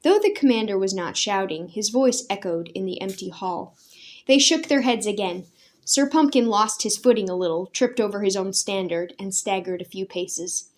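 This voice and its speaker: A woman's voice: mid-range voice, expressive, moderate pace. Woman reading a storybook aloud. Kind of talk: storybook read-aloud narration.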